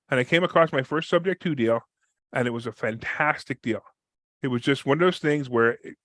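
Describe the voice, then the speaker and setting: A man, a real estate investor guest on a podcast interview, telling a story with lively energy and acting out the people in it. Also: no room sound. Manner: fast, energetic, acts out quoted people with big pitch jumps.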